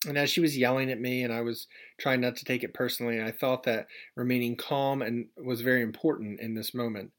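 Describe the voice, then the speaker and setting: A man in his thirties delivers a sermon from the pulpit, pitched at an ordinary middle register. He preaches gently and conversationally, slipping in folksy asides and homely comparisons. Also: steady tone, fairly quick, hardly any pauses. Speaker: pastor.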